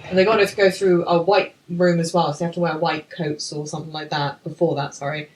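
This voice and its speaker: A woman, co-hosting a film podcast in casual chat, ranting in an animated, sweary, exasperated way. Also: deep voice, quick pace, low-quality recording. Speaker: podcast co-host.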